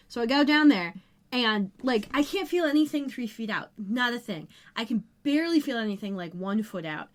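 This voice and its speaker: A woman's voice: on the high side, lively intonation, moderate pace, a bit bright. A woman co-hosting a podcast, recapping an episode in casual, rambling chat full of fillers. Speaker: podcast co-host.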